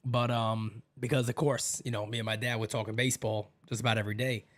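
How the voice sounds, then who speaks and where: A man hosting a casual baseball watch party, telling animated family stories with loud imitations and plenty of swearing. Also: medium pitch, fast talker, no echo.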